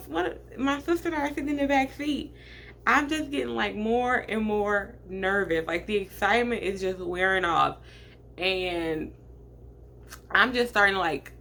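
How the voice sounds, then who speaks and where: A woman's voice: mid-range voice, gravelly, bright, forceful tone, a little hiss or hum. Chatty young woman telling a story. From Michigan. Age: late 20s. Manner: chatty, filler-heavy storytelling, addresses viewers directly. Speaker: vlogger. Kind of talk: storytime vlog.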